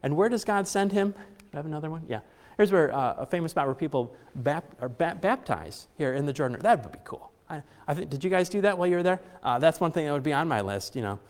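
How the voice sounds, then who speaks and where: A man's voice: fairly high pitch, lively intonation, quick pace, darkish tone. A middle-aged man preaching a conversational sermon to his congregation, chatty, with joking asides and frequent fillers and restarts. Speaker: pastor. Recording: long hall reverb.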